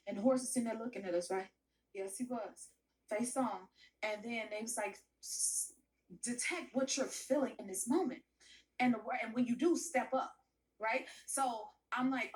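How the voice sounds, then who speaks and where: A sassy, high-pitched woman hosting her own talk show, played by a man, chatting away to the audience in a folksy, teasing manner. Her voice sits well up in the register. It is picked up from a little distance off the mic in this comedy sketch. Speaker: talk-show host character. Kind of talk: comedic character monologue.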